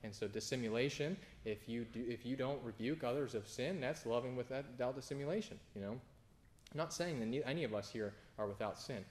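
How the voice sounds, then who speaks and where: Man preaching in a loose, animated way. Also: brisk. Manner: informal, animated preaching with frequent restarts and sudden emphatic high bursts. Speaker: pastor. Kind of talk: conversational sermon.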